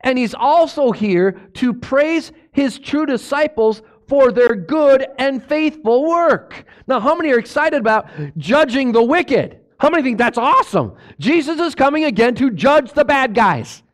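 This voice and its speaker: A man preaching a sermon, asking the congregation questions and swinging between hushed low lines and loud exclamations. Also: animated, a little slow, few pauses. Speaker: pastor.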